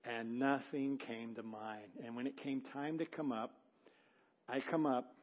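A middle-aged male pastor preaching a sermon, telling a story with acted-out quotes and swinging from loud to hushed. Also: mid-range voice, steady tone, measured pace, muffled recording. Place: church sanctuary.

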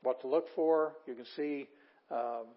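An older man lectures a class, explaining patiently in a mid-pitched voice. He pauses on fillers and goes back over his sentences. The recording sounds dull and lo-fi. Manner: plain, patient explaining with fillers and restarts, reading words slowly aloud. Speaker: Bible Greek teacher.

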